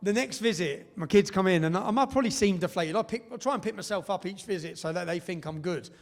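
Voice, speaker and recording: A man's voice: high-pitched, quick pace, gravelly. A man with an English accent telling a story in a live speech, driving his points home and tagging them with "yeah?". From England. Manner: emphatic, tags points with "yeah?". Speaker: speaker at a public event.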